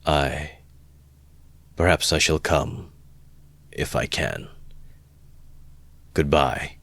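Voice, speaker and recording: A man with a very deep voice reading the lines of a feverish young man quietly and slowly, in a low mutter. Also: gravelly, dry recording, full character voice. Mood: grim. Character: feverish brooding young man, resolved and withdrawn.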